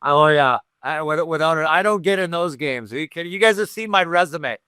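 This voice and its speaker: A man's voice: on the high side, normal speed, bright, forceful tone, clean tone, no echo, clean studio sound. A man talking as a guest on a casual podcast, joking and self-mocking and laughing often. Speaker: guest hockey analyst.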